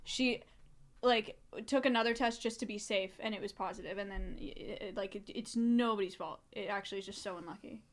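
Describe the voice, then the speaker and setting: Fast-talking young woman, reassuring. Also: mid-range voice. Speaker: co-streamer friend. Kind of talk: casual chat.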